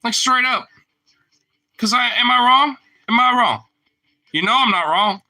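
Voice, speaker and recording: Expressive and measured in pace, a man goes on a casual, rambling monologue full of slang, profanity, and fillers. He moves from loud outbursts to low mutters in a low-quality recording.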